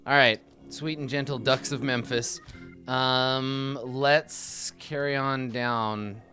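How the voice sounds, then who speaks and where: A man's voice: mid-range voice, steady tone, takes it slowly, sharp tone, soft background music. A young man casually commenting on a game he is playing, joking and rambling with a self-mocking streak. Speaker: let's-play host.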